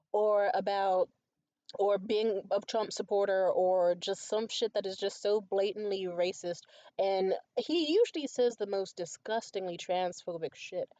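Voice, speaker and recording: A woman's voice: mid-range voice, dark tone, no echo. A tired young woman ranting in a casual monologue, profane, exasperated and rambling. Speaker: stand-up comedian. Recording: muffled lo-fi recording.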